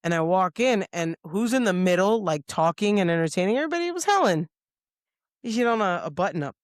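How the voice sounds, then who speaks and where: A woman's voice: on the low side, quick pace, dry recording, clean studio sound. Profane woman podcast host telling stories. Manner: profane, lively, acts out others' lines. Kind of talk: casual storytelling. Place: podcast studio.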